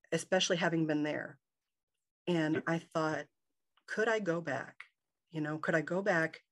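Gravelly-voiced woman telling her story. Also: sits low. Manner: animated, acts out quoted dialogue in a raised voice. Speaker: interview guest. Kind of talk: personal storytelling in conversation.

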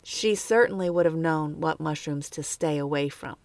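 A woman narrates a true crime case at a steady, measured pace. Her voice sits low and has a gravelly fry. The sound is dry and close, with no room around it. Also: dry recording. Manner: measured, lightly commenting asides.

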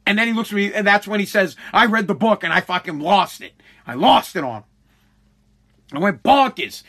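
Dad podcaster ranting, lots of swearing and stumbling restarts, high bright voice. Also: male voice, expressive, a little fast. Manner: profane, heated, repeats and restarts often. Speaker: podcast host and father. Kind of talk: casual storytelling monologue.

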